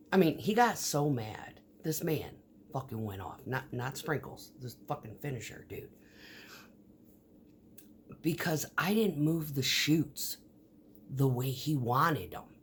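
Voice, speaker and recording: A woman's voice: rumbling low, slight background noise. A woman vlogger telling stories in a casual, rambling monologue, swearing often, with many fillers and restarts. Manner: profane, storytelling, frequent fillers and restarts.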